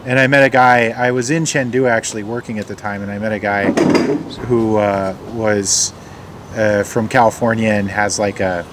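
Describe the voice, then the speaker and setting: A man who brews craft beer, explaining in a relaxed, casual way, often hesitating with fillers. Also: lowish voice, moderate pace, very noisy.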